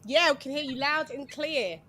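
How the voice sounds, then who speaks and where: High-voiced playful woman host. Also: moderate pace, crowd noise. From England. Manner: playful, sing-song intros, chatty asides. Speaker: livestream host. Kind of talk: casual boxing chat livestream.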